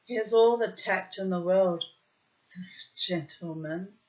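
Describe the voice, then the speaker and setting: A woman's voice: lowish voice, slow, highs cut off. A woman reading the lines of a bitter, defiant young Frenchwoman who speaks sharply.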